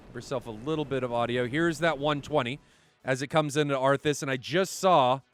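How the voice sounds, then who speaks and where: A man with a slightly high voice calls a flight-sim match live, chatty and quick to correct himself. A faint hiss of noise sits under his voice. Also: fairly bright tone. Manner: chatty, reads chat aloud, corrects himself often. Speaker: esports commentator. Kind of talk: live play-by-play commentary.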